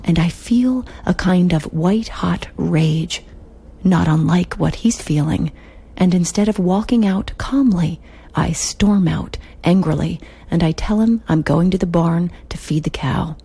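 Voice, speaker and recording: A woman's voice: on the low side, a little slow, mellow, breathy edge. A woman hosting her own show, reading a personal story aloud in a wry, candid and plain-spoken way. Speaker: host and storyteller.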